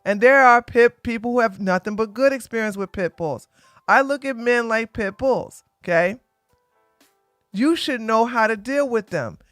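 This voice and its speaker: A blunt woman hosting a political podcast, talking in a fairly high voice with many restarts. Her voice sits close and dry on the mic. A little music plays faintly underneath. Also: moderate pace, a bit bright, no echo. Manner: blunt, opinionated, stumbling restarts. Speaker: podcast host. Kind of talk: casual political commentary livestream.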